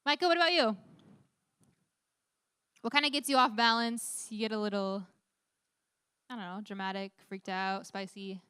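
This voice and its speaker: Bright, upbeat young woman leading youth group. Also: medium pitch, fairly even intonation, moderate pace, pauses often, smooth, dry recording, studio quality. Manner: upbeat, asks the group questions. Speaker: youth leader. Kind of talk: youth group Bible talk.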